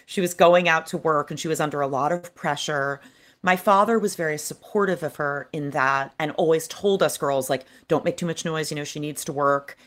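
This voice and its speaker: A woman's voice: sits low, normal speed, fairly bright tone. A woman guest author earnestly recounting a personal childhood memory in an interview. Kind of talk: personal storytelling.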